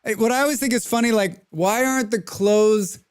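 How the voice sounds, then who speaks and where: A man's voice: sits high, fairly quick, clean tone. A man streaming a colony game live, chatting casually and ranting to his viewers while he plays. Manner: chatty, ranting, reads out chat names.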